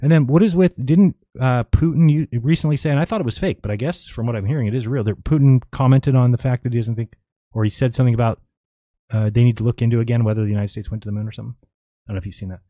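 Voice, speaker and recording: A man's voice: medium pitch, very fast, dark tone, no room sound. Offhand man reading his live chat. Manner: offhand, rambling, reads chat questions aloud and answers. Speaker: live stream host. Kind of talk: casual live stream chat, reading viewer comments.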